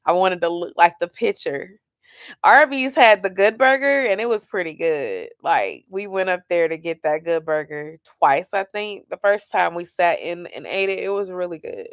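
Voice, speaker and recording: A woman, chatting casually and sleepily with viewers on a late-night livestream. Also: lowish voice. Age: 30s. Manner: sleepy, chatty, yawning and laughing. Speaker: livestream host.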